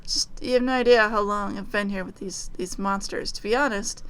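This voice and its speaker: A woman's voice: mid-range voice, steady tone, brisk, clean tone, lightly acted. A woman voicing a shy, awkward, lonely male wraith who stammers and hesitates. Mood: awkward, nervous. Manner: stammering, hesitant, soft-spoken.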